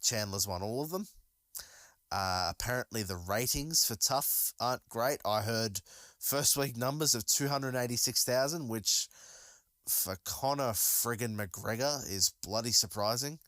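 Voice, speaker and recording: A man's voice: mid-range voice, a little slow, fairly bright tone, dry recording. A man hosting a solo podcast, talking casually and enthusiastically, rambling with many fillers and restarts. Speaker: podcast host.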